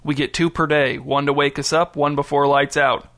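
A man's voice: fairly high pitch, flat delivery, normal speed, a bit bright. A man doing a wry, lazy old drifter. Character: dusty bearded male drifter, proud and lazy. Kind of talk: audiobook character voice.

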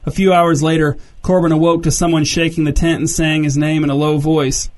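A man narrates a story in a steady, scripted read. His voice sits fairly high for a man and barely moves in pitch. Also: brisk.

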